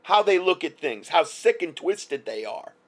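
A man's voice: a little high, sing-song, measured pace. A male commentator delivering a heated, sarcastic opinion rant, stumbling through repeated restarts.

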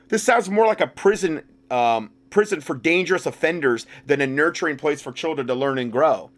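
A man giving sarcastic commentary while reading documents, mocking the text and rising to loud outbursts. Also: fairly high pitch, lively intonation, a little fast, few pauses. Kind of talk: sarcastic commentary with read-out passages.

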